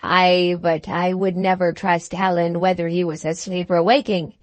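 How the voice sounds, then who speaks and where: A woman voicing a bold, mocking Scottish outlaw man in a storybook, with a Scottish accent and drawn-out, teasing speech. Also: fairly low pitch, flat delivery, no echo, close to an everyday voice. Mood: brisk.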